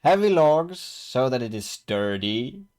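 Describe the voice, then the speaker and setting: A man voicing a cheerful, hardworking male builder who pipes up higher than his own voice. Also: expressive, normal speed, a little mellow, natural voice. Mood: exasperated.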